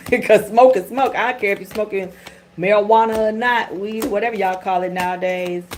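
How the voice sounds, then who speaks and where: A middle-aged woman talking loosely and candidly to her livestream audience, with slang and swearing. Her voice sits at a middle pitch. A faint hiss with scattered clicks runs under the recording. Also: steady tone, moderate pace. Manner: chatty and candid, with swearing and vernacular. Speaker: tarot reader and channel host. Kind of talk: casual livestream chat.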